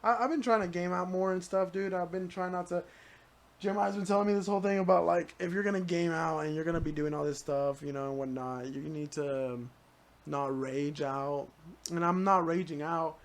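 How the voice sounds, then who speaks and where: High-voiced young man rambling casually. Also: fairly even intonation, gravelly. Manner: rambling, halting, lots of "like" and "dude". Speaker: podcast guest. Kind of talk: casual chat.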